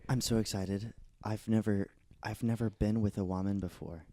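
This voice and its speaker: Actor as nervous awkward young man, low and dark, stammering. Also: fairly even intonation, moderate pace, close to an everyday voice. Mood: flustered. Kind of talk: improvised comedy sketch.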